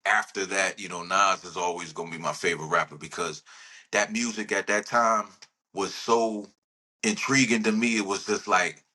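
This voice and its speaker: A man's voice: sits low, steady tone, normal speed, bright, forceful tone. A man, a rapper talking in a casual podcast interview, rambling and laid-back. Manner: laid-back, rambling, says "you know what I'm saying" often.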